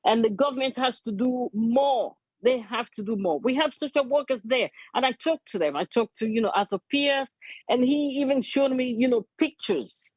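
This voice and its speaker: Earnest husky woman. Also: on the high side, normal speed, no echo, highs cut off. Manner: earnest, emotional, repeats key points. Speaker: community advocate. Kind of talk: impassioned interview testimony.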